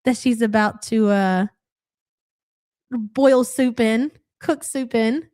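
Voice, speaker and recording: A woman's voice: on the high side, takes it slowly, darkish tone. A young adult woman giving casual live-stream reaction commentary, blunt and sarcastic, swearing freely and thanking viewers.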